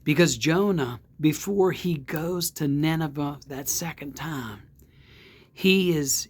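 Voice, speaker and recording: A man, a pastor, giving a devotional sermon in a slow, earnest way with emphatic repeats. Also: fairly high pitch. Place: outdoor or home setting, not in church.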